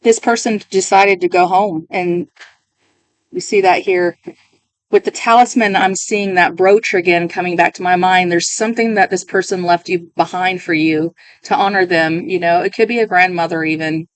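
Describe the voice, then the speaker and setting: A woman's voice: fairly low pitch, steady tone, normal speed, dry recording. Woman giving an intuitive tarot reading. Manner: emotional, musing, self-interrupting. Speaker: tarot reader.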